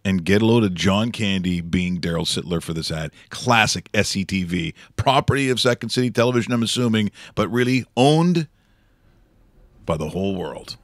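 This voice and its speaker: Picture a man hosting a morning show in a studio, chatting casually and restarting his sentences as he gets excited. His voice sits on the low side, close and dry. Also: brisk, few pauses, no echo. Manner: rambling with many restarts, enthusiastic. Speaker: show host.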